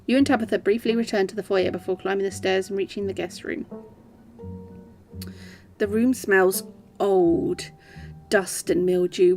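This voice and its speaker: A woman's voice: medium pitch, darkish tone. A woman streaming a horror visual novel, chatting casually, reacting and reading the narration aloud. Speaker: game streamer. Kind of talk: casual let's-play commentary and narration. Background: faint background music.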